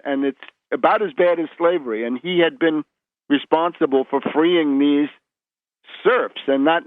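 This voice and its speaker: A man's voice: a little high, dry recording. Man lecturing over a tinny phone line. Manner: lecturing, with frequent word restarts and tag "right?". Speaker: guest historian. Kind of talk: radio interview explanation.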